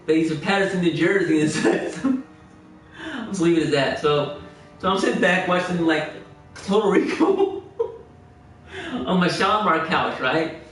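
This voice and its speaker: A man's voice: sits high, lively intonation, normal speed, pauses often, a bit bright, soft background music. A man livestreaming a game, rambling through old stories with frequent laughter and restarted phrases. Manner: meandering storyteller who laughs a lot and restarts phrases. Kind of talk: rambling anecdotal chat. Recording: very echoey room, distant mic.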